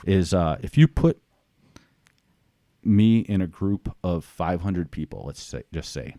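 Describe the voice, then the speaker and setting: A man's voice: deep voice, expressive, takes it slowly, dark tone, no echo. A man from the Chicago area, a podcast guest, telling rambling stories in casual, profane chat. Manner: rambling, profane, acts out quoted voices.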